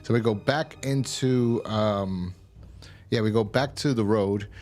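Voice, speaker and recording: A man's voice: on the low side, slow, darkish tone. A man casually recapping a TV episode as a reviewer, rambling and slangy with lots of fillers. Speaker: TV show reviewer.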